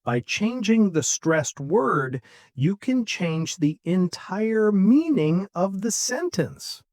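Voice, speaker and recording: A man co-hosting a podcast for English learners, explaining intonation slowly and clearly and acting out examples. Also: high voice, big pitch swings, darkish tone, no echo, clean studio sound. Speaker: English teacher, podcast co-host. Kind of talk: scripted English lesson.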